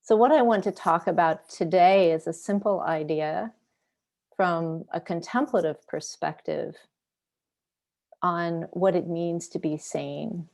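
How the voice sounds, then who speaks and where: Buddhist teacher lady, slow and thoughtful, lowish voice, talking over a video call. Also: fairly even intonation, darkish tone. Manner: slow, reflective, with pauses and fillers. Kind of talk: dharma talk. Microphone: online video call.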